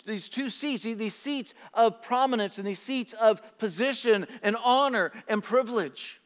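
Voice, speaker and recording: A male pastor preaching a sermon in a lively way. He repeats words and acts out the voices of the people he quotes. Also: high voice, moderate pace, in a large hall.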